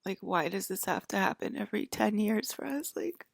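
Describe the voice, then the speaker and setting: A woman's voice: medium pitch, animated, normal speed, creaky, breathy edge, no room sound, studio quality. A woman in a rambling personal monologue, leaning heavily on "like" as she talks. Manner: rambling, heavy use of "like". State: close to tears.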